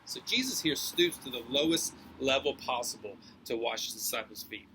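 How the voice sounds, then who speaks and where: A male pastor preaching with a bright, forceful voice. He talks casually and throws in slang, leaning hard on key words. A faint hum sits under the speech. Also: a little high, rough recording. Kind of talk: sermon.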